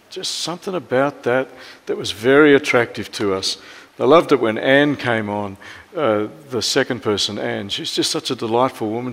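Australian pastor preaching in a reverberant church. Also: male voice, mid-range voice. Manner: storytelling, often dropping to a soft hush. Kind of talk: sermon.

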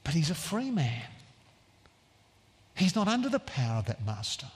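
A man preaching a sermon in a church, earnest and emphatic, stressing phrases slowly. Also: on the high side, very animated, breathy edge, big-room sound.

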